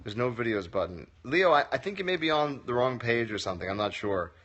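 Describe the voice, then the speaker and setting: This comedy teacher talks fast in a very animated, medium-pitched voice with a fairly bright tone, though the highs are cut off. On a casual phone livestream Q&A, he reads viewers' comments aloud and answers with dry, wry jokes.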